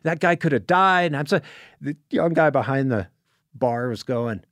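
A man's voice: medium pitch, animated, normal speed, a bit bright, dry recording. Older male guest, easygoing storyteller with a mid-range voice who restarts often and acts out the dialogue. Dry, close recording. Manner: rambling, with many restarts and quoted dialogue. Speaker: podcast guest. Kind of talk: casual storytelling.

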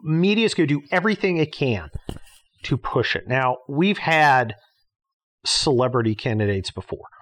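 A man hosting his own podcast, holding forth alone in a blunt, sarcastic rant. He swears freely and trips over his own sentences, restarting them as he pushes his point. His pitch sits in the middle for a man. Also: fairly bright tone. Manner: blunt, sarcastic, profane ranting with frequent restarts. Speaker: podcast host. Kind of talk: casual monologue.

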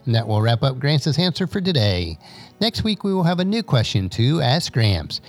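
An older man hosting a scripted advice podcast in a measured, preachy manner. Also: mid-range voice, sing-song, faint music behind. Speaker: podcast host.

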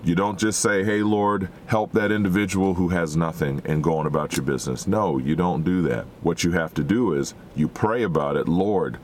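A man's voice: deep voice, normal speed, few pauses, slight background noise. A man preaching a sermon in an earnest, exhorting way, full of rhetorical questions.

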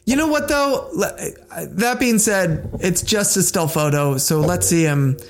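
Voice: medium pitch, expressive, a little slow, slight background noise. Upbeat co-host on a nerd news podcast, mid voice, teasing, argues back for fun. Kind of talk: casual chat about nerd news.

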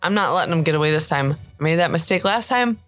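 A woman's voice: low-pitched, animated, fast, fairly bright tone, faint music behind. A woman playing a tabletop game, eager and joking in casual banter with friends. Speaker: player.

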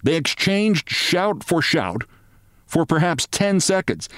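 Man reading a story, fairly high voice. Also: takes it slowly, no echo, studio quality. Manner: theatrical, expressive storytelling. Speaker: host. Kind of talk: reading a short story aloud.

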